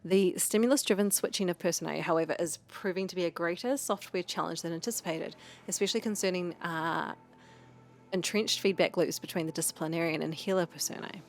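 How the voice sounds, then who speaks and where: A woman playing a game with a friend, thinking aloud and reading in-game notes in a plain, steady way. Her voice is low for a woman, with soft music faintly in the background. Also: brisk. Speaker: let's play co-host.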